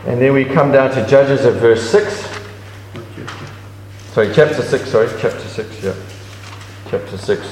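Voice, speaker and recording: A man preaching a sermon with a middle-pitched voice, rising sharply when he stresses a point and sometimes stumbling over his words. He is recorded in a church hall with a lot of echo and a long reverb tail. Faint background noise sits under his voice. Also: a little slow, pauses often, darkish tone. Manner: conversational preaching with pitch swings and restarts.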